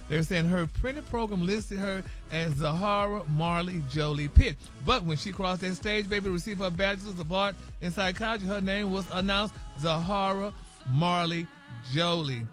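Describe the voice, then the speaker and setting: Sassy high-voiced man dishing gossip. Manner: sassy, sprinkles honey, y'all and baby everywhere. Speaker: radio show host reading celebrity news. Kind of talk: gossipy morning radio chat.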